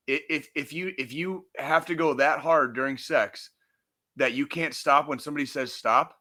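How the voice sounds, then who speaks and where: A man's voice: mid-range voice, sharp tone. A man co-hosting a podcast, ranting angrily and swearing constantly, with emphatic repetition and restarts. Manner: angry, profane, emphatic. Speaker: podcast co-host. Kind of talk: heated podcast rant.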